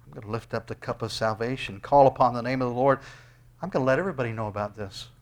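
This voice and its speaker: A man preaching a sermon as pastor. He reads scripture and closes in prayer, and he swings between loud, high exclamations and hushed, low asides. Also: fast.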